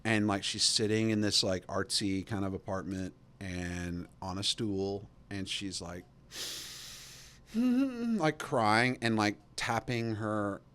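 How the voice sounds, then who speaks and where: A man with a fairly low voice tells a long, rambling story on his podcast. He fills it with "like" and "you know". He jumps up in pitch when he acts out what people said. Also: sing-song, takes it slowly, fairly bright tone, clear, resonant tone. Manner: conversational, acts out quoted lines with jumps in pitch; drawling fillers like "like" and "you know". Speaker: podcast host. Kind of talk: casual storytelling monologue.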